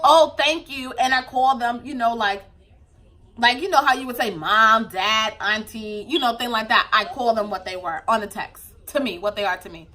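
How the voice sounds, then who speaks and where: A young woman talks to her camera in a casual confessional vlog, speaking in with a bright, forceful tone. Her voice sits a bit high, and her talk is candid and emotional, full of fillers. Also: steady tone, moderate pace. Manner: emotional, tearful at times, candid, lots of fillers. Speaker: vlogger, new mother.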